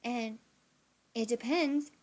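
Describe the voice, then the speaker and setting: A woman's voice: fairly high pitch, takes it slowly. A young adult woman telling a story casually on a live stream, acting out quotes and swearing freely. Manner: animated, swearing, acts out quotes. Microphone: streaming from a computer.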